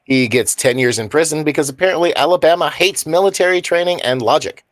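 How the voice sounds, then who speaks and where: A man's voice: a little high, quick pace, dry recording, clean studio sound. A man co-hosting a podcast, making wry, sarcastic quips in casual banter about a movie. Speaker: podcast co-host.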